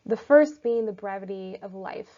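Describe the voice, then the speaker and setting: A woman teacher giving a recorded lecture, explaining step by step in a clear, methodical way. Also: medium pitch, normal speed, warm tone. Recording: slightly dull lo-fi audio.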